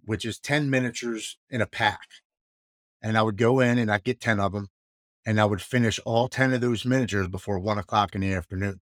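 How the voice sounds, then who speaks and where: A man's voice: on the low side, a bit bright, dry recording, clean studio sound. A man in his forties, a guest who earnestly recounts his past and often stumbles over and repeats his words. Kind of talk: candid personal storytelling.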